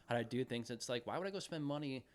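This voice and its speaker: A man's voice: medium pitch, lively intonation. A man in his thirties co-hosting a podcast, chatting casually and acting out what others say. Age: 30s. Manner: quick, rambling, acts out quotes. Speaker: podcast co-host. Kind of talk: casual chat.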